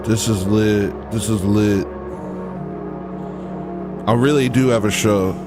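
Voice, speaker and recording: A man with a fairly low voice takes it slowly, with music playing in the background. He hosts a casual livestream, rambling, goofy, and joking at his own expense as he thanks viewers.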